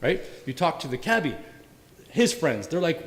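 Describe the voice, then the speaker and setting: A man serving as a police officer speaks on a panel, earnest and anecdotal, often checking in with "right?". His voice sits a bit high. Long reverb from a large event hall trails each phrase. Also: very animated, moderate pace. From Windsor, Canada. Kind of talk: storytelling on a community panel.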